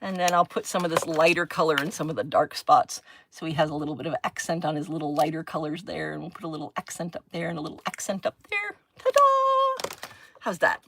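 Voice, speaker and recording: A chatty woman talks through her crafting on a live stream, with a bright, sharp-edged tone. She giggles often and drifts between thinking aloud and answering her viewers' comments, all at an easy, casual pace from her craft desk. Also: sits low, fairly even intonation, fast, few pauses, slight background noise.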